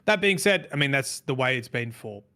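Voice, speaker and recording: A man's voice: mid-range voice, lively intonation, fairly quick, pushed and bright, clear, resonant tone. A man co-hosting a gaming podcast, talking in a reflective, rambling way with frequent restarts. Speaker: podcast co-host. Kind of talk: casual podcast chat.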